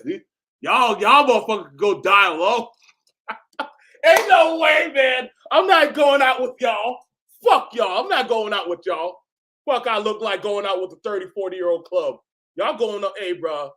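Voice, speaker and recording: Man, high voice, casual reaction commentary, profane, loud outbursts. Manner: animated, profane, bursts into shouting. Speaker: host reacting to videos.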